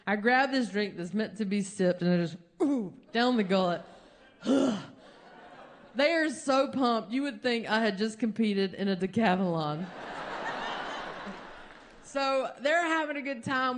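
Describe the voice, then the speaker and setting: A woman performing stand-up tells a lengthy funny story with lots of energy. When she voices other people's lines, her pitch shoots way up.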